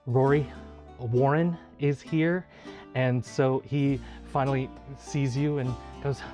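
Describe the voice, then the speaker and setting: Halting male game master. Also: mid-range voice, steady tone, mellow, faint music behind. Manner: hesitant, many fillers. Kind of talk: narrating a tabletop game.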